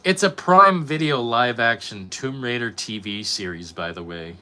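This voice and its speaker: A young man with a bright, forward voice chats loosely on a live stream, rambling and swearing as he reacts to his viewers. His pitch sits in an ordinary middle range for a man. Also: animated, moderate pace, clear, resonant tone. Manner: profane, rambling, reacting to chat. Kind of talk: casual live-stream chat.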